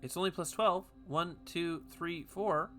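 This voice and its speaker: A man giving casual, chatty commentary while playing a game, talking to himself with quick jokey asides. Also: a little high, pushed and bright, soft background music. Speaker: gaming video host.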